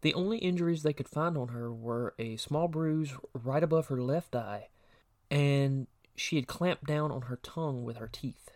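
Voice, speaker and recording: A man's voice: medium pitch, moderate pace, a little mellow. A man co-hosting a true crime podcast, reading a prepared case summary with occasional personal asides. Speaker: podcast co-host.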